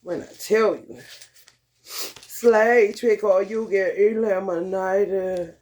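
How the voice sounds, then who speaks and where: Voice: medium pitch, steady tone, slow, a little mellow. A vlogger talking in a loose, profane monologue, laughing often and calling listeners honey and baby. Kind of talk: casual monologue.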